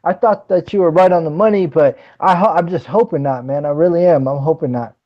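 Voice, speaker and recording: A man guesting on a casual live podcast chat, excitable and earnest, laughing easily. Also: fairly high pitch, fairly quick, dull audio.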